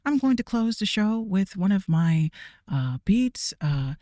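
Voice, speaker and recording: A woman's voice: mid-range voice, sing-song, measured pace, dark tone, no room sound, clean studio sound. A woman who hosts her own VTuber show, ranting bluntly and casually, with frequent swearing and laughter. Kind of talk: casual profane rant.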